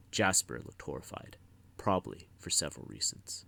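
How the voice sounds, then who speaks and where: A man narrating a fantasy novel aloud as an audiobook, in measured storytelling. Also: deep voice, bright, forceful tone, no echo. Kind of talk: scripted narration.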